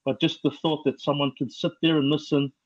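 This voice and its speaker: A middle-aged man with a New Zealand accent, telling his life story as a podcast guest in a slow, reflective way with many fillers. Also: fairly high pitch, flat delivery, lo-fi sound. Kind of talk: personal testimony.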